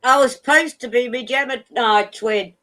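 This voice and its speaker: A woman co-hosting a casual livestream chat, with a drawn-out, sing-song way of talking. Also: fairly high pitch, pushed and bright. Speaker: co-host of a livestream chat show.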